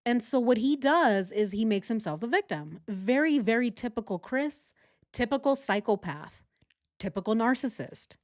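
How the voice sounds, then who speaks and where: A woman's voice: a little high, lively intonation, moderate pace, a little mellow, no echo, studio quality. A young adult woman giving sarcastic, exasperated true crime commentary while reading text messages aloud.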